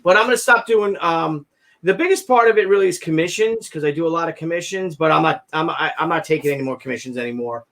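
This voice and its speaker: A man hosting a loose conversational podcast, his voice a little higher than most men's. He wanders through his thoughts, stopping and restarting with plenty of ums. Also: fast talker, fairly bright tone. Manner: rambling, many ums and restarts. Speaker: podcast host and comic artist. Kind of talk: casual chat.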